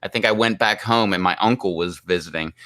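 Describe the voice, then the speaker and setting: A man's voice: deep voice, fairly quick, fairly bright tone. A man from Pittsburgh with a Pittsburgh accent, hosting a live stream in casual, chatty talk and laughing often. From Pittsburgh, US East Coast. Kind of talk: casual chat.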